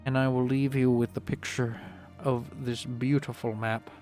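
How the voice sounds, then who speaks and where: A man's voice: mid-range voice, flat delivery, unhurried, darkish tone, faint music behind. A man casting a strategy game in a rambling, jokey way, talking straight to the players. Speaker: game caster.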